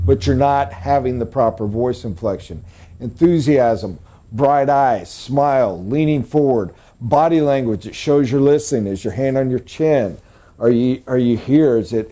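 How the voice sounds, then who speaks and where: Man, sales trainer, middle-aged, emphatic, pitch leaps for emphasis, warm mellow tone. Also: moderate pace. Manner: animated, emphatic, jumps to high excited pitch for emphasis. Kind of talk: live training lecture.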